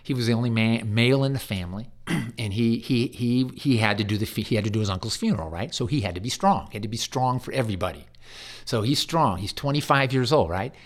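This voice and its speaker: Telling stories in a conversational interview, a hospice chaplain speaks at a quick pace in a mid-range voice with lively intonation. He comes across as earnest, often tripping over and repeating his words.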